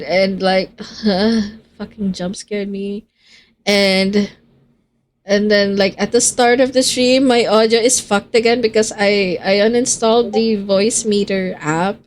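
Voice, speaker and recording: A woman's voice: medium pitch, slight background noise. A woman streamer chatting casually with her viewers on a live stream, swearing freely as she talks.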